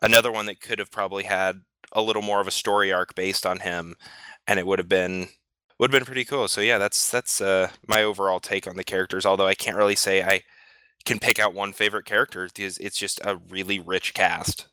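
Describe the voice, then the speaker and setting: A man's voice: sits low, fairly even intonation, a little fast, pushed and bright, clear, resonant tone, no room sound. A man talking casually on a podcast panel, enthusiastic and stammering on restarts. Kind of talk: casual discussion.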